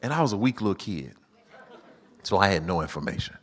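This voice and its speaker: A middle-aged man performing stand-up comedy, telling family stories and acting out his own lines in a higher voice. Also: big pitch swings, fairly quick, background noise. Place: church auditorium with live audience.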